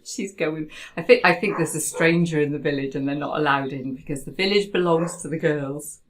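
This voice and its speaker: A woman hosting a casual conversation, telling a personal story in an animated way with many restarts, at home. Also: sits low, brisk, poor audio. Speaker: host. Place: home in Spain.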